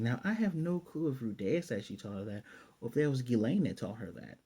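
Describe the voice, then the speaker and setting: A man's voice: mid-range voice, very animated, fast, warm tone, breathy edge. A man casually recapping an anime episode, retelling scenes in paraphrased dialogue with chatty, self-correcting asides. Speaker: anime reviewer.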